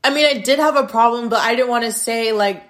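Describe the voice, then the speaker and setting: A woman's voice: a little high, a little fast, fairly bright tone. A woman in her thirties telling a personal story in a candid, blunt and casual way, full of "um" and "like".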